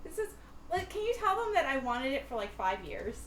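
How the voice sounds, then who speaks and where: A woman in casual banter, quick and defensive, leaning on "like" as she talks. Her voice sits high and swoops up and down freely. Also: sing-song, a bit bright, echoey room, a little hiss or hum.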